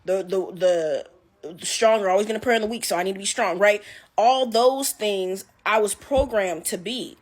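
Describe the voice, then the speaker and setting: A woman talking casually about an anime, animated and emphatic, often asking "right?". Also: mid-range voice, normal speed. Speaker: anime commentator. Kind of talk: casual opinion talk.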